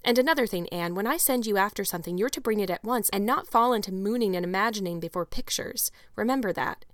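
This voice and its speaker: A woman's voice: medium pitch, fast, no room sound, studio quality, lightly acted. A woman reading a stern, curt spinster. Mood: scolding. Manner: curt, scolding, matter-of-fact. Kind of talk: audiobook character reading.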